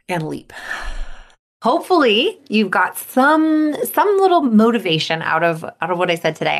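A woman hosting a motivation podcast as a coach. She talks in an upbeat way and acts out inner thoughts in a lively voice. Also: medium pitch.

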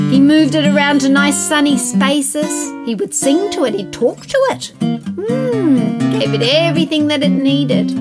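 A high-voiced woman telling a story to a group of children. She is animated, gasping in surprise and turning to her listeners with questions. Loud guitar music plays behind her.

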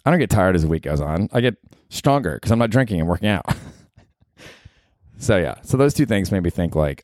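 Candid low-voiced man in his forties. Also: lively intonation, a little fast, pauses often, a little mellow, no echo, studio quality. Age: 40s. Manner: candid, rambling, swears freely and talks to himself. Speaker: podcast host. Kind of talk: solo podcast monologue.

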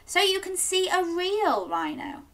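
Cheery picture-book mum, read by a woman, bright, near her own voice. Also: extremely high pitch, big pitch swings, measured pace, recorded from a distance, pitched above the performer's own voice, heavily acted. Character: cheerful doubting storybook mum.

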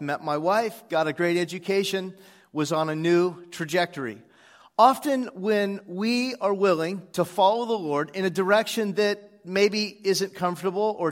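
A man, one of the church's pastors, preaching a sermon to his congregation in a relaxed storytelling way, with frequent "uh" fillers. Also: high-pitched, big-room sound. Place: church sanctuary.

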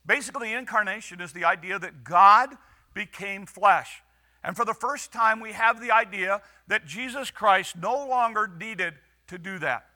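A man preaching a sermon as pastor, earnest with dramatic pauses and raised quoted lines. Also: high-pitched, bright, forceful tone.

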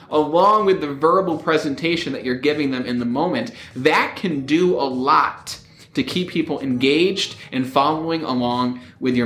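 A man teaching public speaking with lively, upbeat energy. His raised voice leaps and swoops across a wide range. He is recorded in an echoey room. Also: a little high. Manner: energetic, rising upbeat intonation. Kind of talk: upbeat motivational teaching to camera.

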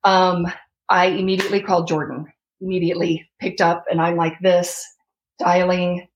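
Woman recounting an ordeal, low voice. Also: normal speed, muffled recording, a little hiss or hum. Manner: animated, reenacts her own past words. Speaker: interview guest. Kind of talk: emotional personal story.

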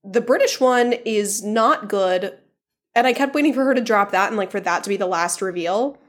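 A woman's voice: medium pitch, normal speed. A woman co-hosting a book podcast in casual chat, recapping a movie in a conversational way. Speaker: podcast co-host.

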